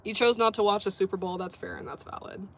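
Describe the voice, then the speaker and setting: A woman's voice: medium pitch, fairly even intonation, quick pace, vocal fry, slight background noise. A woman hosting a casual livestream from a sports bar, chatting easily, laughing often and reading out viewer comments. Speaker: livestream host.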